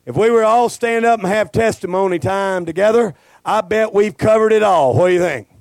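A male pastor, preaching a folksy, joking sermon that swells into shouting. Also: high voice, brisk, creaky, no echo.

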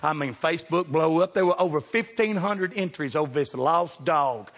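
High-voiced pastor, big reverb. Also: male voice, normal speed. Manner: animated, jokey, jumps from hushed asides to loud calls. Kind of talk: humorous storytelling sermon. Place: church sanctuary with congregation. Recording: long hall reverb.

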